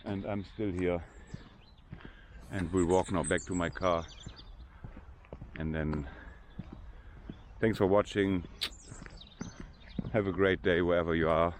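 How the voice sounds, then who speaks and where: A man's voice: low-pitched, fairly even intonation, takes it slowly, long pauses, slight background noise. An older man with a German accent, chatting casually in unpolished English while walking through a large cemetery for his vlog. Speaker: vlogger.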